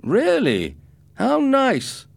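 Story role: man putting on a brash teen bully, loud, sneering, swooping pitch. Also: big pitch swings, measured pace, dry recording. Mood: mocking. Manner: loud, mocking, raised voice. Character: tough sarcastic teenage boy gang leader.

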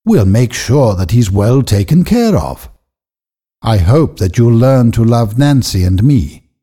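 Man doing a rich gentleman making his case, slow, mellow, kinda husky. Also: mid-range voice, big pitch swings. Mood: earnest. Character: wealthy gentleman, pleading then agitated.

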